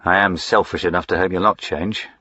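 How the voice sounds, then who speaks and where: A man's voice: deep voice, steady tone, fairly quick, sharp tone, husky, dry recording, lo-fi sound, full character voice. A man voicing a moody, short-tempered young aristocrat with a clipped, sardonic way of speaking. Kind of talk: audiobook character voicing.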